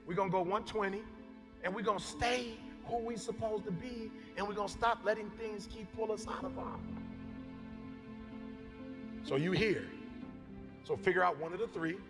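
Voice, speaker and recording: Fiery high-voiced preacher man, shouting. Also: moderate pace, long pauses. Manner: fiery, shouting, repeating phrases and calling on the crowd. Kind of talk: impassioned motivational sermon. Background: background music.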